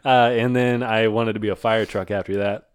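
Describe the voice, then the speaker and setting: A man's voice: on the low side, little pitch movement, fairly quick, clear, resonant tone, no room sound, studio quality. Crude joking man hosting a podcast. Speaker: podcast host. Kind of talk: casual comedic banter.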